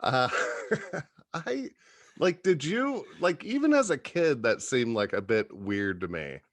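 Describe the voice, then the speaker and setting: A man's voice: medium pitch, very animated, slow, no echo. A man appearing as a podcast guest, rambling through crude jokes and often laughing as he talks. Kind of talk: casual comedy podcast chat.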